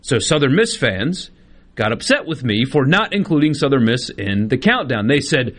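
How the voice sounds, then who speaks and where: A man's voice: mid-range voice, sing-song, normal speed, fairly bright tone. A man co-hosting sports radio, ranting indignantly and with emphasis about a grievance. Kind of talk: casual sports radio talk.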